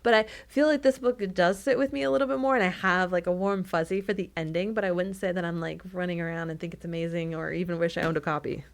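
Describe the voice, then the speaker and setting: A woman's voice: lowish voice, fast, creaky, hardly any pauses. A woman co-hosting a book club podcast, talking casually and laughing often. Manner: chatty, animated, laughs often. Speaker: podcast co-host.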